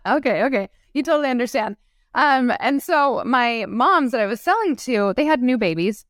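This woman's voice sits high and moves at normal speed, recorded at studio quality with no echo. She is an entrepreneur guest on an interview, telling stories in a casual, animated way, performing quotes and laughing often.

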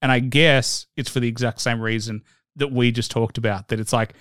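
A man hosting a podcast interview, talking in a relaxed, conversational way with lots of filler words. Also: mid-range voice, brisk, clear, resonant tone, dry recording, studio quality. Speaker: podcast host. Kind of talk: casual interview chat.

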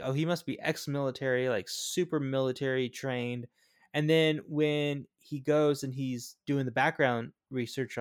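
A man's voice: mid-range voice, smooth. A man co-hosting a casual movie podcast, joking, laughing often and trailing off mid-sentence. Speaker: podcast co-host.

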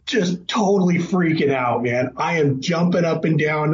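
A middle-aged man telling a hunting story casually, breaking into animated, excited quotes. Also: a little high, normal speed, few pauses, lo-fi sound, slight background noise. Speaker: hunting guest.

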